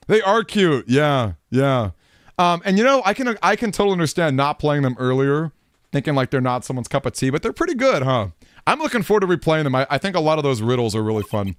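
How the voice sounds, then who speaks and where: A man's voice: a little high, very animated, brisk, soft background music. A man streaming a game, chatting upbeat with viewers and tripping over his words. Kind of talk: casual live-stream gaming chat.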